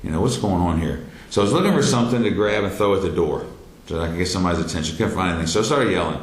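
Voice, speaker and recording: Low-voiced man telling a story. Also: animated. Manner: halting, many fillers and restarts, rising into shouted quotes. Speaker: speaker telling his near-death experience. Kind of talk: personal storytelling talk. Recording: roomy echo, faint background noise.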